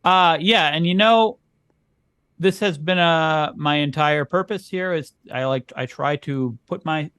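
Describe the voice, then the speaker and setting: A man's voice: on the high side, unhurried, fairly bright tone, clear, resonant tone, no echo. A man co-hosting a casual comedy podcast, playing the wry, skeptical straight man. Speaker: podcast co-host.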